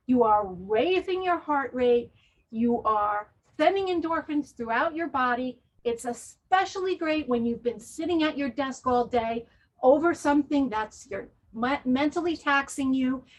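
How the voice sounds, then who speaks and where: A wellness presenter with an American accent guides a webinar audience through breathing and laughter exercises. She speaks in a high-pitched voice, though the audio sounds dull.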